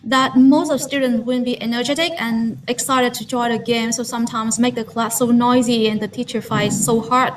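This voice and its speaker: A woman's voice: a little high, steady tone, normal speed, hardly any pauses, far from the mic, slight background noise, poor audio. A woman moderating an online workshop, reading out audience questions with many hesitations.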